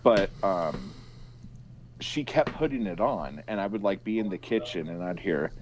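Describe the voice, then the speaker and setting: A man's voice: low-pitched, expressive, normal speed, a little hiss or hum. A man co-hosting a casual chat show over a video call. He tells stories with swearing and mimics the people he is talking about. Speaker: podcast co-host.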